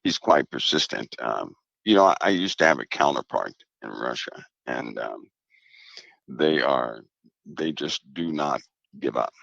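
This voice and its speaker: Super deep gravelly guy, slow and emphatic, kinda dull lo-fi sound, dry. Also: expressive, fairly bright tone, no room sound. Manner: measured, emphatic repetition. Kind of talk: casual conversation.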